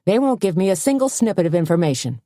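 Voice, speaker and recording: A man's voice: high voice, big pitch swings, quick pace, dark tone, no echo, pitched above the performer's own voice. Indignant, peevish small-town male reporter read by a woman, audiobook, dry close sound. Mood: peeved. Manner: huffy, sputtering and indignant. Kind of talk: audiobook character voice.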